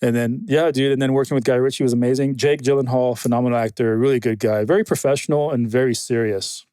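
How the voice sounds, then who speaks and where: A man in a casual podcast interview, telling animated stories, swearing freely and quoting other people. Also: medium pitch, quick pace, clean tone, no echo. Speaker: guest, military film consultant.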